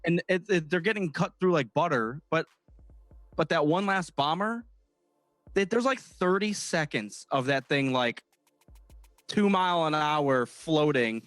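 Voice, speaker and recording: Animated, lively male podcast co-host. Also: on the high side, no echo, faint music behind. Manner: animated, halting restarts, swears. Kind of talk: casual comedic chat.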